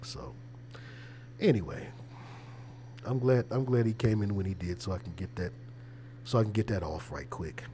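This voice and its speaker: A man's voice: lowish voice, normal speed, long pauses, warm tone, a little hiss or hum. A man who is a preacher, hosting a casual livestream with conversational, preachy commentary and a habit of repeating words. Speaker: preacher and show host.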